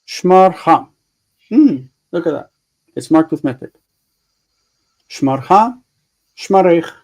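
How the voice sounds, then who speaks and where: A man's voice: a little high, lively intonation, takes it slowly, a little mellow, poor audio. A man teaching a live online grammar lesson over a video call, explaining step by step and thinking aloud as he works his screen. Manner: chatty, thinks aloud while fiddling with screen tools; patient step-by-step explaining with repeated examples.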